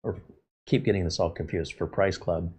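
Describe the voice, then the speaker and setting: Low-voiced man rambling casually. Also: fairly even intonation, moderate pace, breathy edge, highs cut off. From US West Coast. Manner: chatty, gets loud and incredulous when joking. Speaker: tech channel host.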